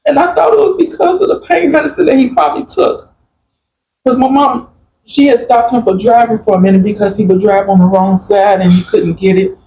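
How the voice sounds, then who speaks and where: A woman's voice: on the high side, fairly quick, mellow, slight background noise, poor audio. A woman guest earnestly recounting a personal grief story in a plain-spoken group conversation. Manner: earnest, plain-spoken, quotes family members while recounting.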